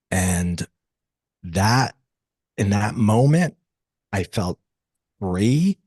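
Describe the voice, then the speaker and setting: A man's voice: on the low side, expressive, slow, pauses often, a little mellow, no echo, clean studio sound. A man, as an interview guest, telling a personal story in an earnest, confessional way and acting out the dialogue.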